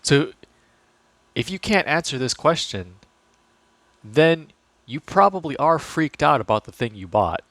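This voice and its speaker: A man's voice: on the high side, very animated, a little slow, long pauses, fairly bright tone, no echo. A man talking casually about investing to his viewers, chatty and loose, full of fillers and restarts. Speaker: finance vlogger. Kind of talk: casual talk to camera.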